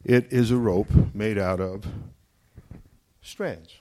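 Storytelling speaker from Wyoming, folksy and humorous, low warm voice. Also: male voice, fairly even intonation, slow. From Wyoming, United States. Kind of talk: storytelling talk to an audience.

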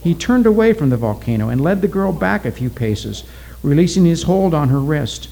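A man narrating a story aloud in a steady, deliberate reading style. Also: a little high, vocal fry, poor audio.

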